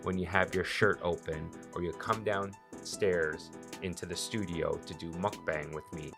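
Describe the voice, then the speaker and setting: A man's voice: sits low, steady tone, unhurried, creaky, over music. A man in his thirties, a chef hosting a podcast, chatting casually with a teasing, upbeat manner. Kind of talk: casual chat.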